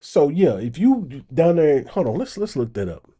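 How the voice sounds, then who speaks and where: A man hosting his channel, giving casual reaction commentary on video clips and getting animated when he makes a point. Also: fairly high pitch, moderate pace, husky.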